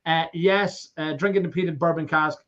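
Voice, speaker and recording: A man's voice: a little high, steady tone, moderate pace, lo-fi sound. A man with an Irish accent hosting a charity auction livestream, joking and teasing his guest while reading out viewer comments. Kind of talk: casual livestream banter.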